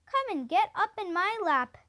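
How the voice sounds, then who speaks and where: A woman reading the lines of a rich, gruff old grandfather in a storybook, asking blunt, eager questions. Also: extremely high pitch, sing-song, moderate pace, pushed and bright, voice pushed up, full character voice. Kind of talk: storybook character voice.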